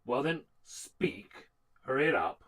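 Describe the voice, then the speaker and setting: A man voicing a stern, contemptuous ninety-year-old male soldier interrogator, speaking slowly in clipped, scornful words. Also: medium pitch, big pitch swings, fairly bright tone, far from the mic. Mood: curt.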